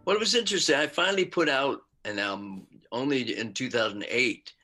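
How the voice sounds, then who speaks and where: A man's voice: medium pitch, animated, a little fast. An older man, an actor and musician, chatting casually in an interview, rambling with asides and frequent laughs.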